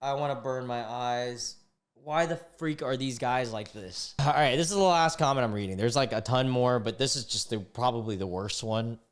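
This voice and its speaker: A man's voice: mid-range voice, fairly quick, hardly any pauses. A man in his twenties reading online posts aloud and reacting with exasperated, disgusted outbursts. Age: 20s. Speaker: online commentator.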